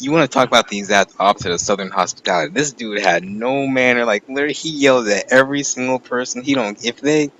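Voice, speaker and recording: A man's voice: on the low side, a bit bright, a little hiss or hum, rough recording. A man hosting a podcast, telling a rambling, profane story in casual chat. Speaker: podcast host.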